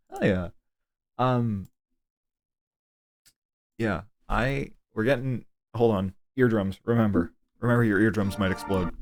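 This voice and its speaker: A man's voice: fairly low pitch, no echo. A young man streaming live, chatting casually, rambling and swearing freely.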